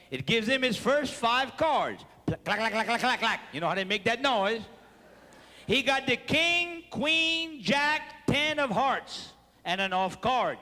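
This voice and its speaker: Animated high-voiced Cajun storyteller. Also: male voice. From South Louisiana. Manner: animated, drops into French phrases, acts out sound effects. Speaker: comedic storyteller. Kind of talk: live stand-up storytelling. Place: live venue with an audience. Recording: long hall reverb, faint crowd and noise.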